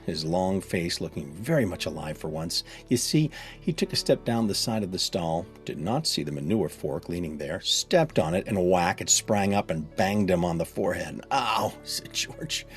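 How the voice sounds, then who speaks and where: A man's voice: deep voice, lively intonation, moderate pace, hardly any pauses, soft background music. A man reading aloud a first-person children's story in a chatty, kid-like storytelling voice. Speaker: narrator.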